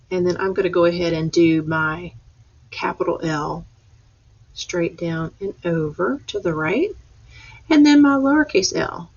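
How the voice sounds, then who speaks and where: Patient woman teacher, husky low voice, dull webcam sound. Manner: slow, patient step-by-step instruction. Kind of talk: remote class lesson.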